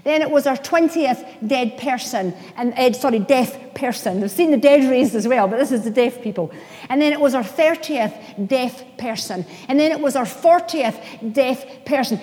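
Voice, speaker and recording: Lady pastor preaching, fairly high voice, big echoey hall, gets really fired up. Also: normal speed, a little mellow. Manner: impassioned, rising to emphatic declarations. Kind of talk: sermon. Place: church. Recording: long hall reverb.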